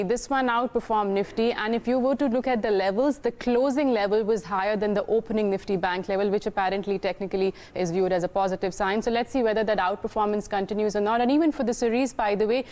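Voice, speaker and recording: A woman's voice: mid-range voice, a little mellow. Indian woman rattling off market data. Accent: Indian English. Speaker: derivatives market reporter.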